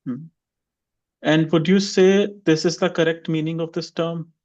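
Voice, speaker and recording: Brief: male English teacher on a video call, higher voice, quizzes students one by one, dull audio. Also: fairly even intonation, unhurried, darkish tone. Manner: questions students by name, drills repetition. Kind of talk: online class teaching.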